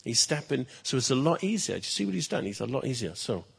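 A male pastor telling a story to children in church, lively, with chatty asides. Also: mid-range voice, quick pace, creaky, slightly rough.

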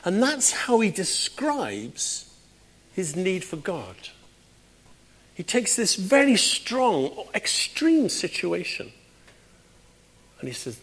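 A British man preaching a conversational sermon in a church, with sudden loud, emphatic bursts. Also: high-pitched, huge pitch swings, takes it slowly, long pauses, husky. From Britain.

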